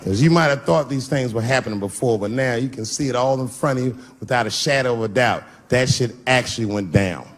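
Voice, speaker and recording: A man in his fifties doing a stand-up routine on stage, swinging from loud bursts to low mutters. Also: fairly quick, hardly any pauses. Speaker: stand-up comedian. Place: stage before a live audience. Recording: live show with loud crowd noise. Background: audience laughter.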